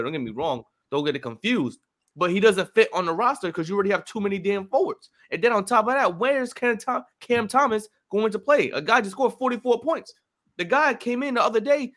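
A man's voice: on the high side, fairly bright tone. Fired-up young New man ranting. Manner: passionate, rapid, ranting. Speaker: sports show co-host. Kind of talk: heated sports talk.

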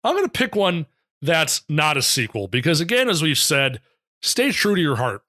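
A man chatting casually as a podcast panelist, chiming in with trivia. His voice is bright and forward, with a dry, close sound. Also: a little high, sing-song, normal speed, no echo. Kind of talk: casual chat.

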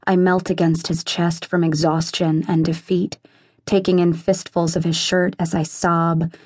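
A woman's voice: low voice, warm tone, dry recording, studio quality. A woman reading a first-person audiobook in an emotional, intense dramatic style. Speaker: audiobook narrator.

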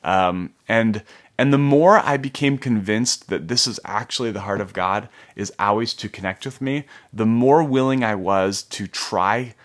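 Reflective man telling a faith story, lower voice. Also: unhurried. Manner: reflective, hesitant with many fillers and restarts. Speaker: speaker sharing faith testimony. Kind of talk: personal testimony.

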